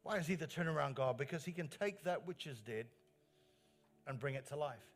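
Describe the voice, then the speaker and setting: A man's voice: on the high side, fairly quick. A male pastor delivering an earnest sermon in a church, stressing lines by repeating them. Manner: earnest preaching with rising emphatic phrases and repeated lines.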